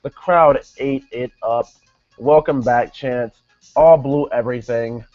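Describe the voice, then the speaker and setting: A young man talks through a wrestling episode in a loose, rambling way, full of fillers and restarts. His mid-pitched voice comes through dull and lo-fi, and faint music plays behind him. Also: takes it slowly, darkish tone, dry recording. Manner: rambling, many fillers and self-corrections. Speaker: wrestling show reviewer. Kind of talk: casual video review.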